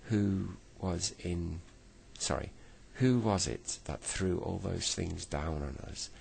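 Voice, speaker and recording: A man voicing an angry, bossy male storybook neighbour who shouts and scolds. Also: deep voice, slow pace, vocal fry, slight background noise, heavily acted. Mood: scolding.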